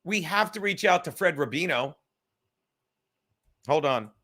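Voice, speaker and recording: Excitable, profane man with a bright, high voice. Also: measured pace. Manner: rambling, excitable, swears a lot, laughs often. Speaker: podcast host. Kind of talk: casual profane livestream chat.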